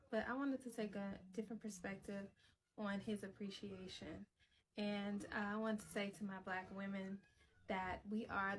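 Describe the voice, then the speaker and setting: Woman commentary host, level and flat, earnest and measured with hesitations. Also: mid-range voice, slight background noise. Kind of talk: reaction commentary.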